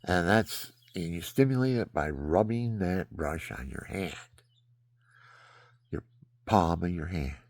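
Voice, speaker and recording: Older male vlogger, deep gravelly voice, dry close sound; wanders off topic mid-sentence while stretching. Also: lively intonation, slow, no echo. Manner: digressive, drifting between topics; stretching while talking, breathy hiccups. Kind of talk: rambling casual monologue.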